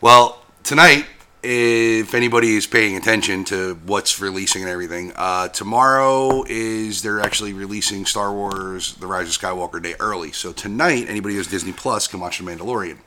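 A man's voice: on the low side, a little fast, bright, forceful tone. A man co-hosting a casual podcast, dryly steering the conversation to the next topic. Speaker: podcast co-host.

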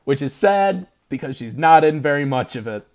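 A man's voice: fairly high pitch, animated, normal speed, darkish tone. Man, podcast co-host, casual movie chat, laughs often, self-deprecating.

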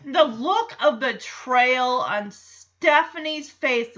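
A woman's voice: high-pitched, a little slow. A woman casually recapping a sitcom episode, acting out the characters' lines in different voices and laughing often. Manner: animated, acts out quotes in voices, laughs often. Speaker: show recapper. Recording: slightly dull lo-fi sound.

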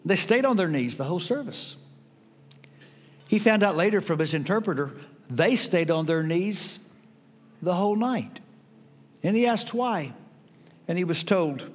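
An older man preaching a sermon as pastor, emphatic with dramatic pauses. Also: high voice, lively intonation. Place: church sanctuary. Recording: reverberant church hall.

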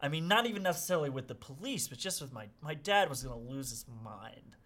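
Middle-aged guy telling a story on a podcast, bright voice, gets loud and dramatic when he quotes people. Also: a little high, fast. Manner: animated, acts out quotes with loud outbursts. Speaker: podcast guest. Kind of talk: casual storytelling.

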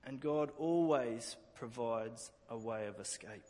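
A man's voice: mid-range voice, slow, dark tone, big-room sound. A man preaching a sermon earnestly, often repeating words as he restarts a phrase. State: emotional at times.

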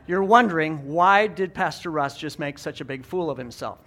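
A man preaching as pastor to a congregation, animated, getting the room to make sound effects and then repeating each point in a second language. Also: a little high, normal speed. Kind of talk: bilingual sermon. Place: church sanctuary.

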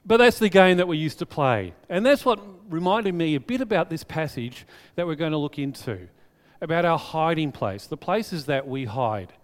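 A man preaching a sermon to his congregation, telling a childhood story in a chatty, animated way. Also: on the high side, moderate pace. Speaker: pastor. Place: church hall. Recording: long reverb of a large hall.

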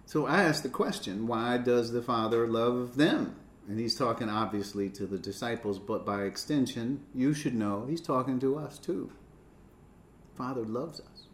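A man's voice: medium pitch, normal speed, roomy sound. A man preaching a sermon, stressing key words by rising and dropping his voice.

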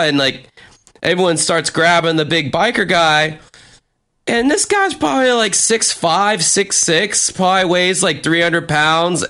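A man casually telling a story on a chat show, animated and swearing, acting out what people said. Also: on the high side, a little slow. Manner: animated, acts out quotes with profanity.

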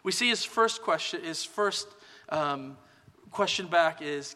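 A man preaching a sermon as pastor, in a relaxed conversational teaching manner. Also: on the high side, slow, long reverb tail. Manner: relaxed conversational teaching, many "kind of" hedges.

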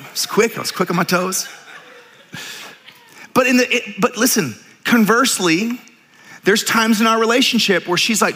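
A man preaching a sermon as pastor, telling stories with animated, jokey asides. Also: high-pitched, moderate pace, pauses often, husky. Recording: reverberant church hall.

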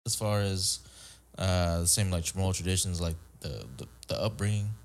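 A man's voice: low voice, steady tone, moderate pace. A man from Guam hosting a podcast, chatting in a rambling, hesitant way full of fillers and casual swearing. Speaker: podcast host.

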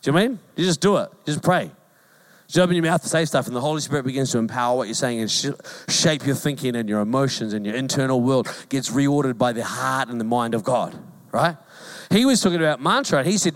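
A man's voice: mid-range voice, quick pace. A New man in his forties, a pastor giving a sermon in a conversational, joking way with emphatic repetition.

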